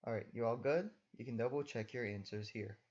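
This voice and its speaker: Young male teacher, patient and methodical voice-over, medium pitch, slightly muffled lo-fi mic. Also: fairly quick, darkish tone. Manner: patient, step-by-step instructing. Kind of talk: recorded lesson voice-over.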